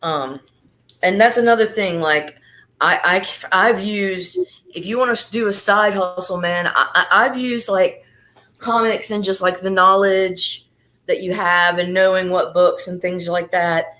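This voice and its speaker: A woman guest on a casual online panel, talking in a rambling, halting way with restarts. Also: fairly low pitch, fairly even intonation, bright, forceful tone.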